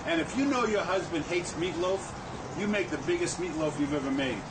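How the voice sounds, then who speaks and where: Man giving folksy preachy advice, kinda high voice, mic far off and noisy behind him. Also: a little fast. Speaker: advice video speaker. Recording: distant mic with clear background noise.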